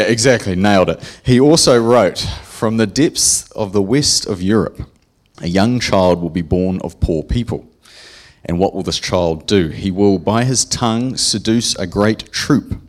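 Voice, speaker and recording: A man gives a relaxed, joking sermon in a church. His voice sits very low, and he keeps quizzing the congregation. The delivery is chatty and informal. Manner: joking, chatty, asks the audience questions. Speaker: preacher.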